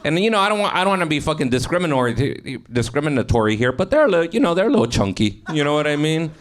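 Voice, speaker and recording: A Mexican-American man with a fairly high, widely swinging voice talks very fast while improvising stand-up from audience suggestions on a comedy club stage. He swears a lot, laughs at his own jokes, and trades self-mocking banter with the crowd in a noisy live stage recording.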